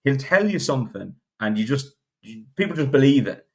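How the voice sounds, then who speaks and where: A man's voice: medium pitch, big pitch swings, a little fast, darkish tone. A man giving blunt, opinionated horse racing takes on a casual podcast, often restarting sentences. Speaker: podcast panelist.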